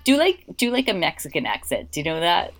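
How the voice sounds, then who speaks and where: A woman's voice: lowish voice, wildly swooping pitch, brisk, fairly bright tone. Bubbly woman full of fillers. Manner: bubbly, hesitant with many fillers. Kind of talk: casual chat.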